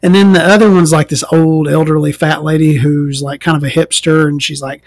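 A woman's voice: deep voice, steady tone, fairly quick, no room sound. An American trans woman hosting a podcast, ranting casually and sarcastically with a lot of swearing. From United States, inland. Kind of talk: casual comedic rant monologue.

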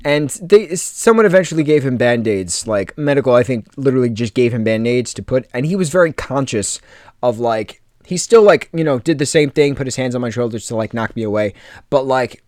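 A man's voice: mid-range voice, lively intonation, darkish tone, no echo. Chatty man telling a story, dry sound. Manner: chatty, lots of fillers, quick jokey asides. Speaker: podcast host. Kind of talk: casual storytelling monologue.

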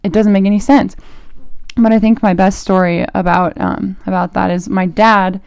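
Young woman, college age, casual faith podcast host; chatty, filler-heavy, mellow tone, dry close sound. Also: medium pitch, vocal fry, clear, resonant tone, no echo. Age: young adult, college student. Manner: chatty and animated, full of "like" fillers, quick laughs.

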